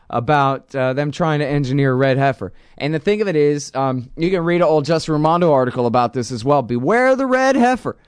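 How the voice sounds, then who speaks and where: Man host for a casual commentary talk, sardonic and rambling, smooth clear voice, dry close mic. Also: darkish tone, no room sound. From Texas. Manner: sardonic, rambling, with sudden rises in pitch for emphasis.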